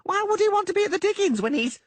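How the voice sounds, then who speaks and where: A man reading an audiobook, voicing a nervous, fawning male townsman in a husky voice that blurts its words out. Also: very high voice, big pitch swings, fast talker, dry recording, voice pushed up. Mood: blurting.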